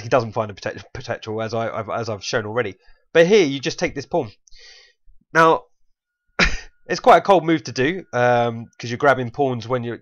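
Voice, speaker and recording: Man from England, mid-pitched, casual chess commentary, rambling and self-correcting, dull lo-fi sound. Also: a bit bright. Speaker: chess player analysing his own game.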